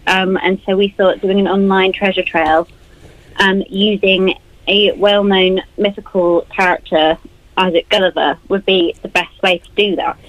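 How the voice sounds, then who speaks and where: A woman's voice: mid-range voice, fairly even intonation, measured pace, dry recording. Young female student guest on radio, earnest, slightly muffled, dry. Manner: earnest, explaining with fillers. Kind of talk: radio interview.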